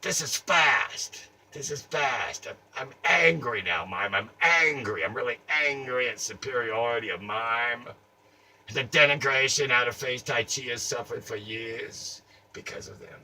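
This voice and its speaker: Theatrical taunting man, bright and distant. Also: mid-range voice, normal speed. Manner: theatrical, taunting, swings between mutters and shouts. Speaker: comedic performer. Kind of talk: improvised comic monologue. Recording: distant mic, faint ambient noise.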